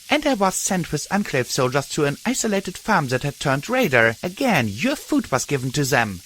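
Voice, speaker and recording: A man's voice: on the high side, fairly bright tone, a little hiss or hum, voice pushed up. A man voicing a screaming, furious young mare. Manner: screaming in rage. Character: furious young mare pony, fierce fighter.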